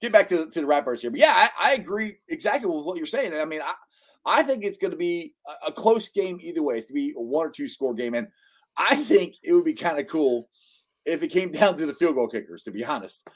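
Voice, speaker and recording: A man hosting a casual sports podcast, chatty and excitable, laughing often. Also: a little high, brisk. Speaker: podcast host.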